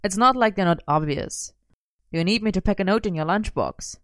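A woman's voice: medium pitch, moderate pace, no room sound, studio quality, natural voice. A woman reading aloud, voicing a smug, bossy young man who teases his friend. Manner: bossy, commanding.

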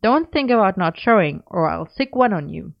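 A woman's voice: mid-range voice, lively intonation, moderate pace, creaky. Lady doing a teasing young wizard guy, bossy and bubbly, slightly lifted voice, dull lo-fi sound. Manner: bright, insistent, playfully bossy. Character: cheeky young male wizard, teasing and excitable. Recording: dull lo-fi recording.

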